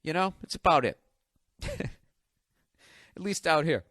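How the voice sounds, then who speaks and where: A man's voice: on the high side, expressive, slow pace, fairly bright tone, no room sound, clean studio sound. A man in his forties doing stand-up comedy, telling a story in a profane, ranting way. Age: 40s. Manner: profane, ranting, mimics others in bits.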